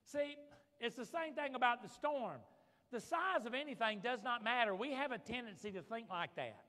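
High, bright-voiced pastor preaching fervently. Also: male voice, lively intonation, normal speed. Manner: fervent, calls for amens from the congregation. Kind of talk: sermon. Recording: long reverb of a large hall.

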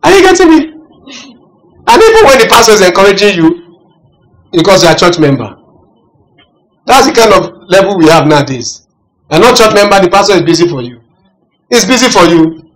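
A man preaching a sermon, asking the congregation "are you getting me" and swinging between loud emphasis and quiet asides. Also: high-pitched, a little fast, long pauses, rough recording. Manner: animated preaching with call-and-response questions. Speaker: pastor.

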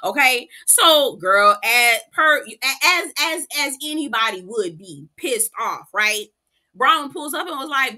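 Sassy bright-voiced woman recapping reality TV. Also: high voice, expressive, unhurried. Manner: sassy, profane, slangy storytelling. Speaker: TV recap reviewer. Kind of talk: casual reality-show recap.

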